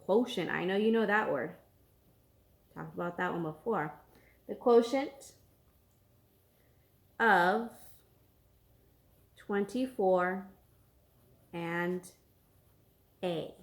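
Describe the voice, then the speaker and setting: A woman teacher explaining an algebra lesson patiently, repeating each step slowly and checking in with her students. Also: on the low side. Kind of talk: recorded math lesson.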